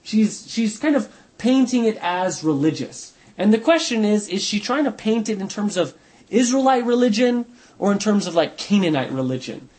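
High-voiced man teaching a casual Bible study. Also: lively intonation, normal speed, darkish tone. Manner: conversational, thinking aloud, hedging with "kind of".

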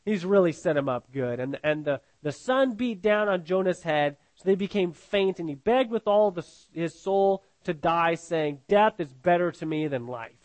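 Emphatic high-voiced male preacher. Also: expressive, moderate pace, few pauses, darkish tone, dry recording. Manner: emphatic, repeats phrases, asks "right?". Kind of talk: expository sermon.

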